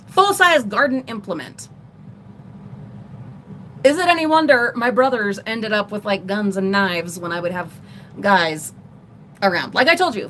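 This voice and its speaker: A middle-aged woman vlogger telling a personal story in a rambling, animated way on a casual livestream. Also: medium pitch, slight background noise. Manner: rambling, animated retelling with laughs.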